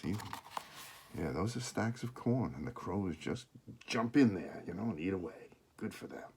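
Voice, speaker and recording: A man's voice: sits low, expressive, normal speed, darkish tone, breathy edge. A man reading a children's book aloud, with casual asides to show the pictures and small self-corrections along the way. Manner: shows pictures while reading.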